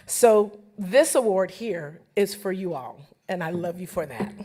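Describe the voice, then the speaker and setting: Woman giving a lively, laughing award speech. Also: on the low side, a little slow. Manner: warm, laughing often, playful asides to the audience. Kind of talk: emotional acceptance speech. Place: banquet hall with audience.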